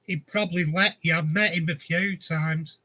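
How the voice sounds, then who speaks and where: A man's voice: fairly high pitch, fairly even intonation, normal speed, bright, forceful tone, muffled recording. A man, casually telling rambling anecdotes and chuckling often. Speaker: vlogger. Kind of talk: casual storytelling.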